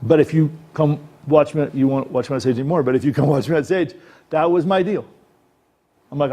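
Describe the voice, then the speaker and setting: Man, acting coach, fairly high voice, mellow tone, chatty workshop talk. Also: brisk. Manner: conversational, checks in with listeners. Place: presentation room.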